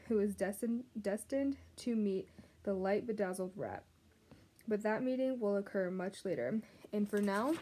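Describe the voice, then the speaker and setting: A woman narrating a children's novel aloud, gently addressing the reader. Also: medium pitch. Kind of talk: storybook read-aloud narration.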